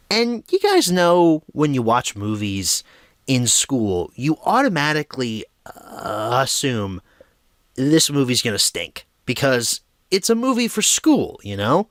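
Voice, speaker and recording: A young man hosting a home-video review show, chatting with a lively, animated pitch. He tells stories in a self-deprecating way, and the recording is dry and close. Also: measured pace, no echo. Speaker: film review host. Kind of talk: casual film review monologue.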